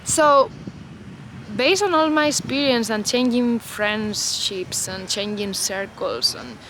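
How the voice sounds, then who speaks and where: A woman's voice: fairly high pitch, lively intonation, slow, a bit bright, slight background noise, low-quality recording. A woman vlogger talking unscripted to camera outdoors, in a loose, reflective way full of "you know" and "like".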